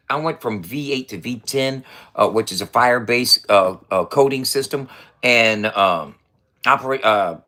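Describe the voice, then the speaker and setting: A man's voice: mid-range voice, pushed and bright. A man in his fifties talking casually in a loose, profane, boastful way and laughing often. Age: 50s. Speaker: vlogger. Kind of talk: casual rambling vlog.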